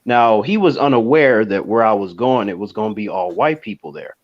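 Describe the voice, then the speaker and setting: A man with a fairly low voice chats on a live panel show, telling stories in a relaxed and frank way with some swearing. The audio is dull and lo-fi. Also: fairly quick. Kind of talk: casual panel chat.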